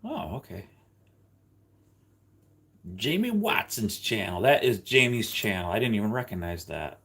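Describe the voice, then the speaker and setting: A man hosting a livestream, chatting casually with viewers and reading their comments out loud. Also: lowish voice, sing-song, measured pace. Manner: chatty, rambling, ranting. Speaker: livestream host.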